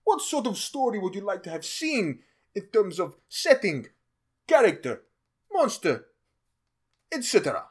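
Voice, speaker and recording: A man's voice: high voice, big pitch swings, unhurried, pauses often, husky, pitched above the performer's own voice, heavily acted. A man voicing a listener's letter in a mock Russian accent, breaking into laughter as he reads. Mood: mock-formal. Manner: laughs through the reading.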